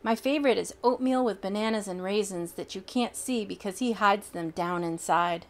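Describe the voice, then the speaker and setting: A woman reading a children's picture book aloud in an expressive, childlike storytelling manner. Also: medium pitch, moderate pace.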